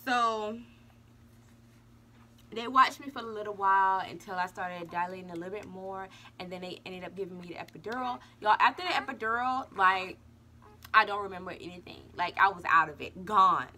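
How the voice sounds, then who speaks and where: Young woman, casual storytime, bright tone, faint background hum. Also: mid-range voice, moderate pace. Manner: chatty, addresses viewers as y'all. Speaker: vlogger telling a birth story.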